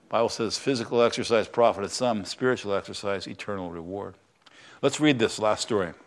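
In this sermon, an older semi-retired pastor from the US speaks in a lowish voice at a fairly quick pace, teaching the Bible conversationally and asking his congregation questions.

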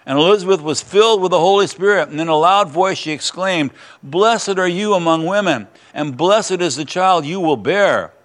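A man's voice: high-pitched, moderate pace, fairly bright tone. A man preaching a sermon, reading scripture aloud and adding earnest, emphatic comments in a conversational way. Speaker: pastor.

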